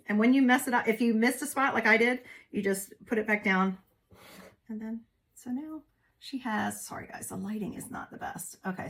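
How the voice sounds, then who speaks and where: A woman's voice: mid-range voice, fairly bright tone. A woman, chatting folksily to viewers as she demonstrates a craft project step by step. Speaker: craft tutorial host. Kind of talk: casual step-by-step craft demo.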